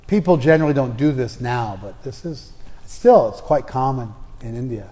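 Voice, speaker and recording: A man's voice: mid-range voice, lively intonation, moderate pace, mellow. A man teaching a spiritual class, telling a traditional story in a casual, conversational way with personal asides. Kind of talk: storytelling lecture. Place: class room in a hall. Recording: long hall reverb.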